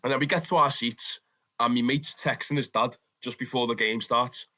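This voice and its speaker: A young man with a Scouse accent, a football fan telling stories in a casual interview, animated and swearing freely. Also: mid-range voice, moderate pace. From Liverpool, England. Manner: animated, swears freely, calls the listener "lad".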